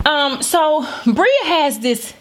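A woman's voice: sits high, sing-song, drawn-out words. A middle-aged woman hosting a podcast, telling a comedic story in a blunt, emphatic and heavily profane way. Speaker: podcast host. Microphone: studio microphone.

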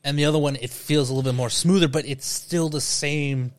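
A man's voice: on the high side, fairly even intonation, fairly quick, no echo. Eager stammering man on a podcast. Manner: enthusiastic, stammering restarts, casual slang. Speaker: podcast co-host. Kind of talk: casual film chat.

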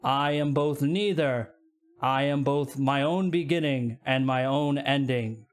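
A man voicing an ancient, solemn stone guardian of time in a tabletop game, speaking in slow, formal pronouncements. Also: mid-range voice, fairly even intonation, smooth, close to an everyday voice. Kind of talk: tabletop role-play voicing.

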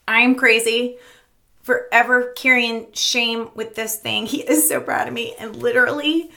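A woman's voice: a little high, steady tone, unhurried, bright, forceful tone. A middle-aged woman speaking candidly in a personal vlog, rambling and laughing often, tearful at times. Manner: rambling, laughing often, losing her thread. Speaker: vlogger.

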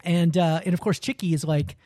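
Man, slightly higher voice, mellow tone, lively storyteller doing character lines, dry close sound. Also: a little fast, dry recording. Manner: animated storytelling, acts out quoted lines. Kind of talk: casual chat retelling a film.

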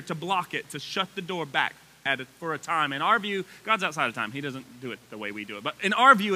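A man preaching a sermon in a church sanctuary, folksy and animated, his excitement building as he talks. His voice sits high for a man and swoops all over, with a very bright, tense edge. He sounds like he's in his thirties. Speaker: pastor.

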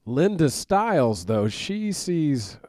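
Man recapping a movie, mellow voice. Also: a little high, slow, no room sound. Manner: animated storytelling, acts out quoted lines. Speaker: podcast co-host. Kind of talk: casual movie recap chat.

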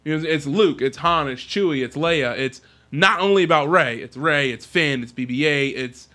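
A man co-hosting a podcast, chatting casually and excitedly about video games, rambling with lots of fillers. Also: fairly high pitch, moderate pace. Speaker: podcast co-host.

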